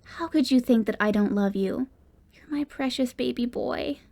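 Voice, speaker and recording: A woman narrating a loving middle-aged mother who shifts between soft whispers and fierce pleading. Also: fairly high pitch, moderate pace, natural voice. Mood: tender.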